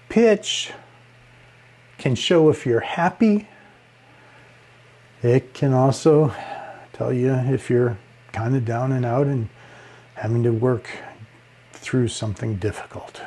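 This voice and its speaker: A male speaking coach gives a lesson at an unhurried, deliberate pace. He is expressive, swinging his pitch and loudness to show each point, and breaks into small chuckles. His voice sits at an ordinary male pitch with a relaxing tone. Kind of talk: instructional talk on speaking.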